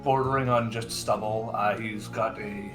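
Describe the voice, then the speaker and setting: A man's voice: lowish voice, fairly even intonation, moderate pace, music in the background. A man playing in a tabletop game, describing his character in a dry, easygoing way. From Canada. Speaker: player.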